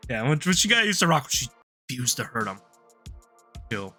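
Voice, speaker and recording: A man's voice: mid-range voice, very animated, normal speed, bright, forceful tone, soft background music. A man streaming live, telling a long rambling story in casual chat, laughing often and restarting his sentences.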